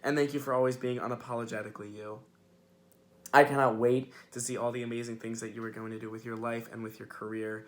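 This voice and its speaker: A man's voice: mid-range voice, flat delivery, fast talker. A young man, a first-year college student, reading an earnest, heartfelt farewell message. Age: young adult.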